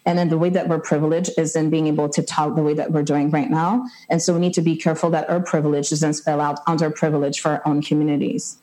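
A woman with a low, mellow voice speaks on a panel discussion. She is thoughtful and reflective, and she fills her sentences with frequent "like"s as she works through her ideas. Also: poor audio.

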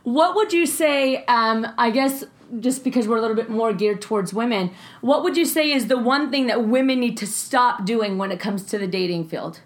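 A woman hosting a podcast interview, asking questions in a hesitant, soft-spoken way. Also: fairly high pitch, normal speed, hardly any pauses. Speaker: podcast host.

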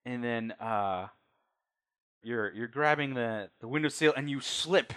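A man's voice: mid-range voice, measured pace, a bit bright. A man narrating as game master of a tabletop role-playing game, telling the scene in a loose, conversational way.

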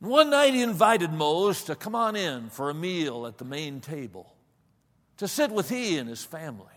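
A man preaching, telling a story dramatically, swinging between loud passages and hushed ones, recorded with a long hall reverb. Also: a little high, very animated, moderate pace. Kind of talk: sermon storytelling.

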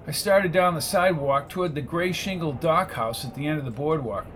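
A man's voice: fairly high pitch, brisk, fairly bright tone, a little hiss or hum. Man narrating a wry hard-boiled story. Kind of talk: first-person hard-boiled audiobook narration.

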